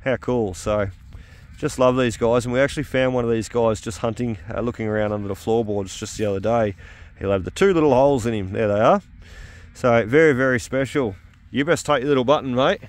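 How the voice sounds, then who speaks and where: A man's voice: medium pitch, a little fast. A middle-aged Australian man with an upbeat, chatty manner and lots of 'uh' fillers, talking outdoors at an old house site as a metal detecting vlogger. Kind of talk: casual outdoor commentary.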